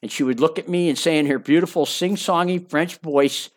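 A man's voice: fairly high pitch, fairly quick. A man narrating his own memoir in a conversational way, with wry asides and phrases repeated for emphasis.

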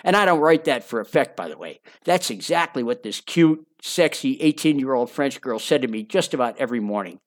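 A man's voice: medium pitch, brisk, hardly any pauses. Man narrating a memoir, wry and chatty. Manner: conversational, wry asides, repeats phrases for emphasis.

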